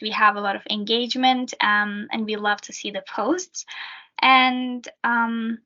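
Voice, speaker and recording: Young woman student, bright chatty voice, lots of ums, kinda muffled lo-fi audio. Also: medium pitch. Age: young adult. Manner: chatty with many fillers. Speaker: student peer helper. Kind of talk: casual interview answers. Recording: dull lo-fi sound.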